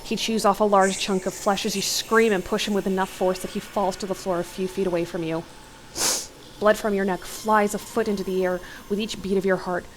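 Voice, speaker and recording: A woman's voice: mid-range voice, fairly even intonation, fairly quick, a little hiss or hum, low-quality recording. A young woman hosting a let's play, reading an interactive horror novel aloud into a desk mic, breaking her dramatic reading with startled gasps and comments. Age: young adult.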